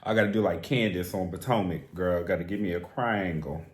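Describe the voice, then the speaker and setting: A man hosting a music reaction, talking straight to the singer in a theatrical, animated way. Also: sits low, fairly quick, echoey room. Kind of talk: casual song reaction commentary.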